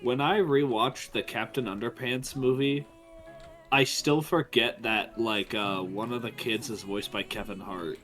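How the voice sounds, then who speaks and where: Relaxed man sharing trivia in casual chat. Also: medium pitch, unhurried, faint music behind. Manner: relaxed, explanatory, shares trivia with some hesitation. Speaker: podcast guest.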